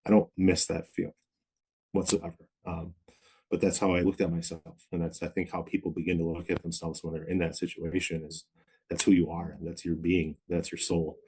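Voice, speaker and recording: Deep flat-voiced man, husky. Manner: reflective, measured, many pauses and hedges. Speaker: podcast guest, pharmacist in recovery. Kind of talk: candid interview storytelling.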